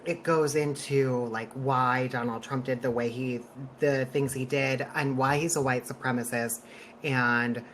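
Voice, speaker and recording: A man co-hosting a podcast, talking in a loose, chatty way. He is animated, laughs a lot between sentences and drops swear words without a second thought. There is a faint hum of noise behind him. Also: medium pitch, unhurried. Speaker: podcast co-host. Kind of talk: casual podcast chat.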